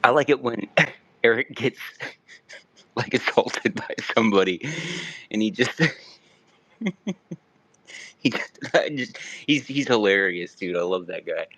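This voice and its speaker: A man with a fairly low voice laughs through his words in a casual chat. His voice is close and dry. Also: lively intonation, measured pace, long pauses, a bit bright, no room sound. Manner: laughing, amused.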